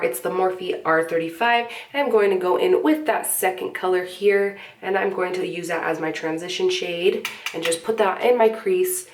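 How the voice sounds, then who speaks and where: A young beauty vlogger with a lowish voice chats casually through a makeup tutorial, sniffling from a cold. She sounds relaxed and talkative, leaning on lots of fillers. The mic sits at a distance, slightly off to the side, in an echoey room.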